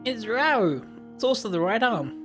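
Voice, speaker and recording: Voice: medium pitch, big pitch swings, normal speed, over music. A game streamer chatting casually, in a chatty, self-amused and apologetic way. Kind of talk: casual let's-play chat.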